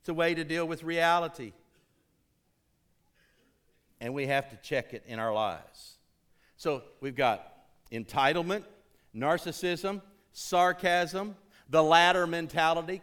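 A man preaching a sermon to his congregation, emphatic, rising to urgent peaks and dropping low, calling out for responses. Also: a bit bright, smooth. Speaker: pastor.

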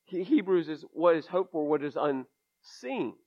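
Guy preaching in church, highish voice, folksy and real candid, kinda muffled recording. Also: animated, measured pace, a little mellow. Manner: folksy, candid, emphatic asides. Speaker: pastor. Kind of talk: conversational sermon. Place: church sanctuary. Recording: dull lo-fi sermon recording.

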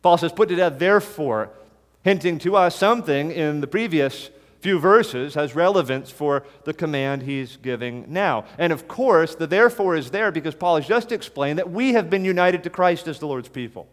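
Pastor, male, fairly high voice, forceful repeated imperatives, sermon in a reverberant hall. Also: lively intonation, normal speed. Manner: emphatic, hammering repeated imperatives.

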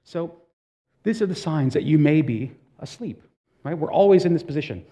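A man's voice: a little high, animated, moderate pace, mellow. A man preaching a sermon in a conversational way, asking the congregation direct questions and telling stories with casual asides. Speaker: pastor.

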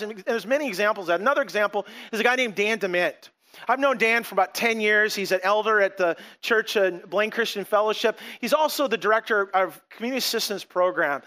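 Man, pastor, sermon, high voice, lively conversational delivery. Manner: animated, conversational preaching with acted quotes.

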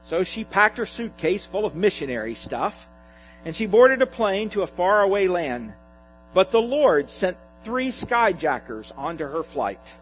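A male pastor reads a humorous sketch to his congregation, his voice high and sweeping through wide swings of pitch. Soft music sits faintly behind him. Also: measured pace, poor audio. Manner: animated storytelling. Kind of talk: sermon with a read-aloud humorous sketch.

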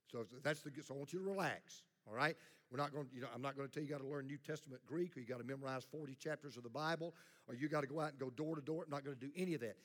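A man's voice: medium pitch, very fast, fairly bright tone. A middle-aged male pastor preaching a sermon in a blunt, plain-spoken way, leading the congregation in call-and-response. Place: church sanctuary. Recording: long hall reverb.

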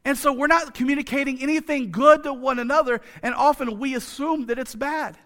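Here the preacher's voice is very high-pitched, bright and pushed, running slightly fast with fairly flat intonation. He keeps the sermon conversational and humorous, peppering it with rhetorical asides, repeated lines, and questions tossed to the congregation.

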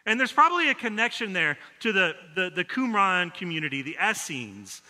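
A man preaches in a relaxed, storytelling way, slipping in self-deprecating jokes. His voice sits high and rings very bright. The sound carries the long reverb of a church sanctuary. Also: brisk. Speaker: pastor. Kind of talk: conversational sermon with stories.

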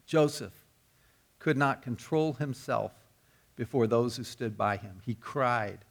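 A man's voice: mid-range voice, takes it slowly, gravelly. A man preaching a sermon, telling the story earnestly and often repeating or restarting his words. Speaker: pastor.

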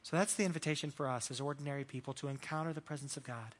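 A man's voice: medium pitch, steady tone, rapid-fire. A man preaching a sermon as pastor, earnest and repeating words as he builds his points.

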